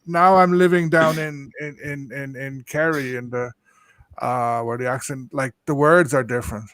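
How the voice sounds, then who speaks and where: A man's voice: mid-range voice, steady tone, normal speed, fairly bright tone, no echo. A man from Dublin with a middle-class Dublin accent, worn by years abroad, telling anecdotes in a casual chat with many restarts. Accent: middle-class Dublin, with a mixed foreign lilt. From Dublin, Ireland. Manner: anecdotal, repeats words when starting. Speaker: guest.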